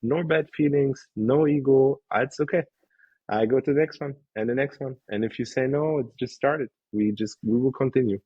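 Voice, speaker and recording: A man being interviewed as an investor, telling emotional, animated stories and acting out quotes. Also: mid-range voice, moderate pace, breathy edge, no room sound, dull audio. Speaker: guest investor. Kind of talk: candid interview talk.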